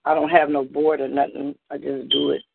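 A woman's voice: deep voice, little pitch movement, fairly quick, gravelly, background noise. A woman poet at an open mic chatting on a call in a laid-back, slangy way and laughing easily. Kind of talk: casual chat on a call. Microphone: phone. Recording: tinny phone line.

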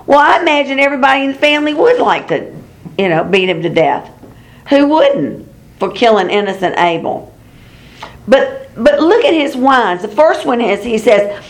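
A woman's voice: medium pitch, animated, a little slow. A woman teaching a Bible study class in a chatty, explanatory way, chuckling now and then. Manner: conversational, chuckles, explains with rhetorical asides.

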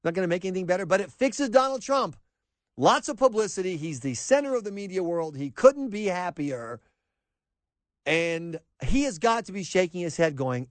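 Animated, sarcastic high-voiced male radio host. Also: normal speed, dry recording. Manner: sarcastic, animated, mocks quotes in put-on voices. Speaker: radio talk show host. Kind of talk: opinionated talk radio monologue.

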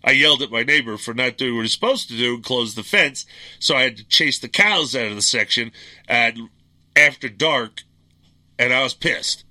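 A man's voice: medium pitch, normal speed, pushed and bright. A middle-aged man hosting a political talk radio show, ranting in a blunt, angry, combative monologue.

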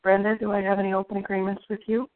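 A woman on a group call stating an affirmation and telling a joke, steady and measured. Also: medium pitch, clear, resonant tone. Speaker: call participant. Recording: tinny phone line.

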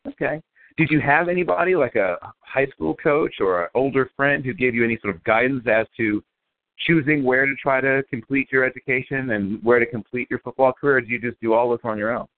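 A man's voice: medium pitch, brisk. A male radio host interviewing football prospects, asking long, winding questions that restart often. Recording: phone-line call.

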